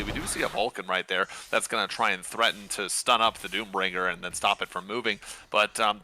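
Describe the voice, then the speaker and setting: A man casting a strategy game match, giving quick analytical play-by-play with playful asides. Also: lowish voice, pushed and bright, slight background noise. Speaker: game commentator. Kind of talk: esports caster commentary.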